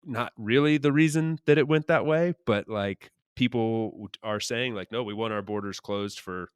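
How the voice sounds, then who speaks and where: A man hosting a podcast interview, talking in a relaxed way with plenty of "like" and "um". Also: fairly low pitch, normal speed, clean tone, dry recording, studio quality. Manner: relaxed, many fillers. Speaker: podcast host. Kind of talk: casual interview chat.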